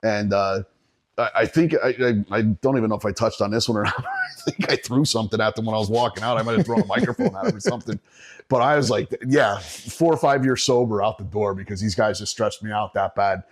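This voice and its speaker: A middle-aged man with a fairly low voice shares a gig story on a podcast. He talks in a loose, conversational way, swears freely and laughs often as he goes. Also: wildly swooping pitch, quick pace. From Northeastern Pennsylvania. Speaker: podcast guest. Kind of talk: casual storytelling chat.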